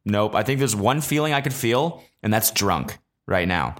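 A man's voice: lowish voice, animated, normal speed, a bit bright. Rambling, profane young man telling a story. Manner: rambling, profane, filler-heavy, self-mocking. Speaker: podcast host. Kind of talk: casual solo storytelling.

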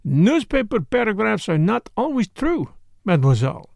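Gentle clever old detective, lively pitch, a bit gravelly, guy doing the voice. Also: dry recording, heavily acted. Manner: gentle, courteous, measured.

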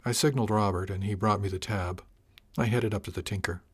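A man reading a first-person story aloud as audiobook narrator, wry and even. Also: lowish voice, fairly quick, husky.

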